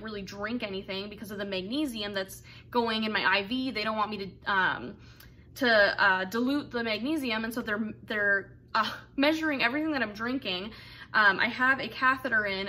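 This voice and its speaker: A woman's voice: mid-range voice, pushed and bright. A young woman candidly telling a personal story in a casual, rambling way, full of fillers and asides. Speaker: vlogger telling her birth story.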